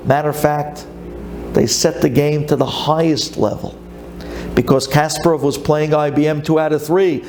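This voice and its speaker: A man, a rabbi, telling a story in a sermon with animated, dramatic delivery. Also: a little high, moderate pace, vocal fry, slight background noise.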